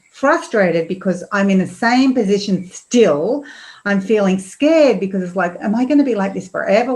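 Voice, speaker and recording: A middle-aged woman, a podcast guest telling personal stories in a lively way, acting out what people said. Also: mid-range voice, poor audio. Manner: animated, acts out quotes with laughs. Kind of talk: casual storytelling interview.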